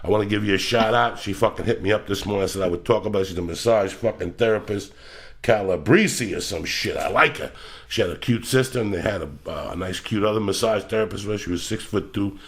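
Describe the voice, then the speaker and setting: A middle-aged man with a gravelly, somewhat low voice hosts a casual podcast. He tells stories in a profane, animated rush and swears constantly. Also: fast talker. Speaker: podcast host.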